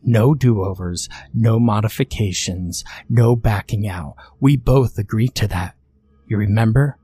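A man voicing a calm, smug young male conjurer who mocks patiently. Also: on the low side, a little slow, breathy edge, no room sound.

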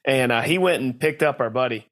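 A man's voice: medium pitch, brisk, a bit bright. A man co-hosting a podcast, chatting casually with friends. He tells long rambling stories, circles back to correct himself, and breaks into laughter along the way. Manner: rambling storyteller, laughs often. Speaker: podcast co-host. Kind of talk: casual chat.

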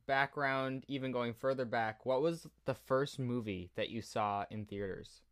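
A man's voice: mid-range voice, a little slow, a bit bright, clean tone. A man hosting a casual podcast interview, asking questions in a loose, hesitant way. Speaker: host.

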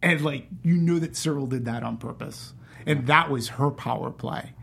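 A man's voice: medium pitch, moderate pace, creaky, a bit bright, breathy edge. A man talking casually about a film, who acts out the characters' lines with restarts and fillers. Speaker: film discussion panelist.

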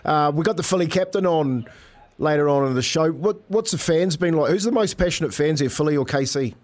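A man's voice: a little high, brisk, a little mellow. A man from New Zealand with a New Zealand accent, co-hosting a sports show with jokey, matey banter. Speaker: radio co-host.

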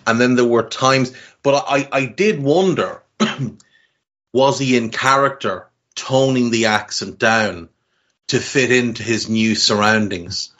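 A man co-hosting a podcast, talking through a film in casual chat, measured and thinking aloud with repeated words. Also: medium pitch, fairly bright tone, highs cut off. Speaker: podcast co-host.

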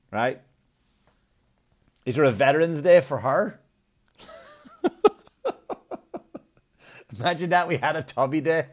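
A man on a blunt, profane comic rant, arguing and mocking as he goes. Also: mid-range voice. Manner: blunt, swearing, argumentative, mocking.

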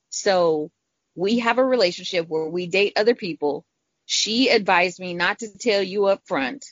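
A woman with a lowish voice tells a personal story in casual talk, frank and profane, quoting people in lively voices. The recording is dry, dull, and lo-fi.

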